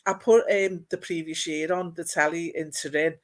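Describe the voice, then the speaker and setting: A middle-aged woman, a guest in casual conversation, telling stories in an animated way and acting out what others said. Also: fairly low pitch, moderate pace. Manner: animated storyteller, acts out quoted dialogue, laughs often. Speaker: guest, former city mayor. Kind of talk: casual chat.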